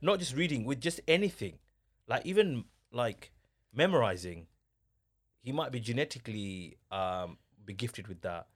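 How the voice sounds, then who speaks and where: A young man in a casual podcast chat, telling stories with lively energy, acting out what others said, often restarting his sentences. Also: medium pitch, normal speed, slightly rough, no room sound, clean studio sound. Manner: animated storyteller, acts out what others said.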